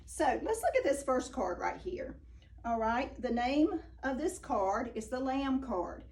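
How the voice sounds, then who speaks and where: A woman's voice: sits high, sing-song, a little mellow, recorded from a distance. Encouraging woman teaching phonics. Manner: slow, encouraging, praising each answer. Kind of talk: phonics lesson for young children.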